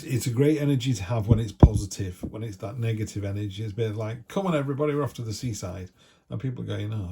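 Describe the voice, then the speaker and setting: A man's voice: fairly low pitch, vocal fry, warm tone, breathy edge. A man giving a casual, chatty tarot reading with jokey asides, from the United Kingdom. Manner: chatty, jokey, acts out little voices. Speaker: tarot reader.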